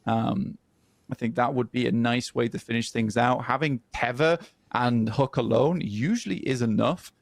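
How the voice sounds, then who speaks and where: A man casting an esports match, breaking down the draft in a measured, analytical way with frequent ums. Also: mid-range voice, creaky, dry recording. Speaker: esports caster.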